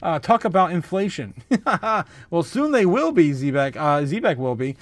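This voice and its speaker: An excitable man hosts a casual crypto livestream, reading viewers' comments and reacting with frequent laughter. His voice sits a bit high for a man, and his talk is hyped and chatty. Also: moderate pace, no echo.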